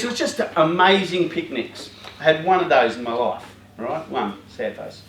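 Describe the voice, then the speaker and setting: Male youth speaker, casual and jokey, lots of fillers; voice on the higher side, recorded far off in an echoey hall. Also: animated, normal speed, hardly any pauses, fairly bright tone, slight background noise. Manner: chatty and joking, rambling with many fillers and asides. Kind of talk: informal talk to a youth group. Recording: roomy hall, voice far from mic.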